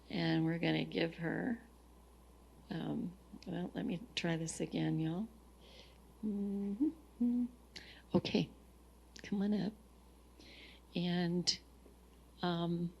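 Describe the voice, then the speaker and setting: A woman hosting a relaxed church gathering. She talks slowly in a low, husky, gravelly voice, easygoing as she calls up the next speaker. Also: muffled recording. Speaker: host. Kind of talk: casual chat.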